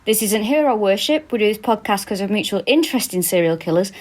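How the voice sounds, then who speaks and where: A woman's voice: mid-range voice, fast. A woman with a Manchester accent, a podcast co-host chatting and telling stories with lots of swearing, recording remotely. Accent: Mancunian. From England. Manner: storytelling, swearing, animated. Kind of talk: casual comedic chat. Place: countryside home, recording remotely. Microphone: remote call.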